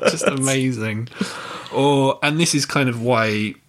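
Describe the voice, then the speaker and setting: A man's voice: medium pitch, slow pace. A man hosting a podcast, talking casually about a film with lots of fillers and restarts. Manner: hesitant, many fillers and restarts. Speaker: podcast host.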